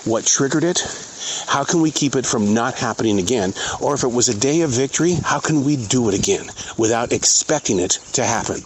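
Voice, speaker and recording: A man hosting a podcast, speaking his thoughts out loud while outdoors in a forest, earnest and given to pauses and repeats. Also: mid-range voice, expressive, slight background noise. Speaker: podcast host. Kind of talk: reflective outdoor monologue.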